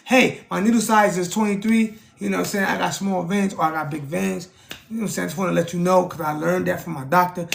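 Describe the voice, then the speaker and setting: Speaking fairly quickly with vocal fry, a man addresses his livestream chat in a loose, animated way. He often checks in with "you know what I'm saying" and pitches up sharply to act out exchanges.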